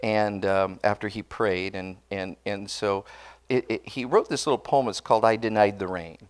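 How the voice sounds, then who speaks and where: A man's voice: fairly low pitch, steady tone, moderate pace, clear, resonant tone. A pastor telling a personal story in a sermon, conversational and earnest, often restarting his words and speaking straight to the congregation. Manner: addresses the congregation directly.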